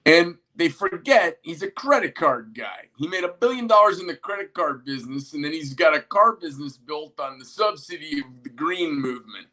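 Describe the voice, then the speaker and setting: A man's voice: fairly high pitch, very animated, normal speed, few pauses, pushed and bright. A man who owns a small knife company, ranting casually with lots of profanity and rambling asides. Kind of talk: casual rant to camera.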